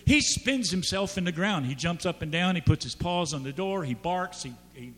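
Bright-voiced pastor preaching in a hall. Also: male voice, high-pitched, expressive, moderate pace. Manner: conversational, building to emphatic peaks. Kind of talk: sermon.

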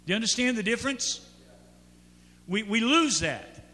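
A male pastor preaches a sermon in a church hall, chatting easily and then building to emphatic peaks. His voice is high and bright. A long reverb trails his words over a faint hum. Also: animated, normal speed.

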